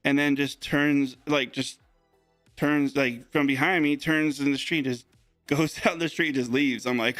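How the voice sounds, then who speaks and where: On a live stream, a young man opens packs of sports cards and tells a story in an animated, casual, wandering way. His voice is medium in pitch and his pace is measured. There's no echo, just faint music in the background.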